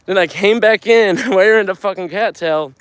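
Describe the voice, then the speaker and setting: A young man with a fairly high voice talks on a casual live stream, reading out viewer comments. He swears freely and gets loud as he tells his stories. His phone camera picks him up up close. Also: moderate pace, clear, resonant tone, dry recording. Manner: animated storyteller, swears a lot, gets loud when telling a story.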